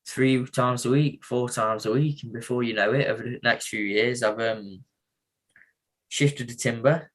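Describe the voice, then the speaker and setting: A young man from the English Midlands talks in a husky, slightly breathy voice, easygoing and full of slang as he tells stories on a podcast. His pitch sits right in the middle for a man, and he laughs along with his own tales. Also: unhurried. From England. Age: young adult. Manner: relaxed storytelling with laughs and slang. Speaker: boxer guest. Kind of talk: casual podcast chat.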